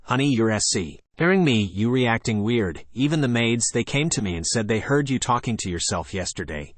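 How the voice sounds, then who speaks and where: A man voicing an impatient, dismissive husband in a horror story, read in a flat, plain way. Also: medium pitch, normal speed, dry recording, lightly acted.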